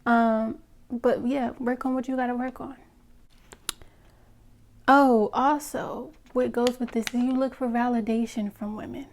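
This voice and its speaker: A woman's voice: on the high side, steady tone, measured pace, pauses often. A woman giving frank relationship advice straight to her viewers, emphatic and direct, often checking in with "okay?" and "you know?". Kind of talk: direct-to-camera opinion talk.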